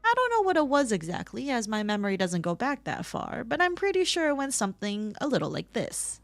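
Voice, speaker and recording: A woman's voice: fairly high pitch, wildly swooping pitch, brisk, no echo. A woman narrating a commentary video, opinionated and storytelling.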